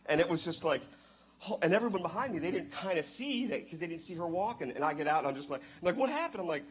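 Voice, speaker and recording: A man telling a story in church on a handheld microphone, excitable and bursting into loud exclamations. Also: fairly high pitch, quick pace, a little hiss or hum. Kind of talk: animated storytelling.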